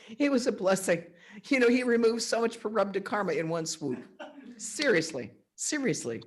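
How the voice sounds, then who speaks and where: A woman, a monastic speaker, telling stories to a retreat audience and answering questions, animated, acting out the voices of others and laughing often. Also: a little high, normal speed, slightly rough. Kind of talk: storytelling talk with audience questions.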